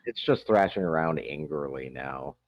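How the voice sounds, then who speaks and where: A man running a tabletop game as game master, describing scenes in a relaxed way with frequent ums. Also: extremely low pitch, moderate pace, dry recording, dull audio.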